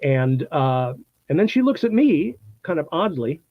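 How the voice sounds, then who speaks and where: A man in his sixties from the United States, an actor telling anecdotes in a casual interview, animated and laughing often, acting out what people said. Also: fairly high pitch, unhurried, no echo, phone-quality sound. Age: 60s. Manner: animated storyteller, acts out quotes, laughs often.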